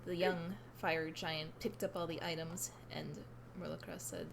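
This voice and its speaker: A woman improvising a fantasy tale for friends in a casual, playful way, with dramatic pauses and frequent giggles. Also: low voice, steady tone, gravelly, background noise. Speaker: storyteller in a party game.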